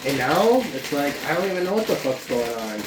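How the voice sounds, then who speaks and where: A man's voice: on the high side, sing-song, fairly quick, heavy background noise. A man, a YouTuber, ranting casually in a profane, rambling way while cooking in his home kitchen. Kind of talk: casual vlog rant. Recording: echoey room.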